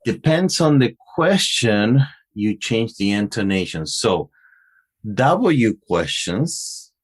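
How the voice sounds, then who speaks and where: A man with an Argentine Spanish accent, Spanish his first language, co-hosting a podcast in casual chat and talking haltingly with many fillers and restarts. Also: on the low side, very animated, husky. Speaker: podcast co-host.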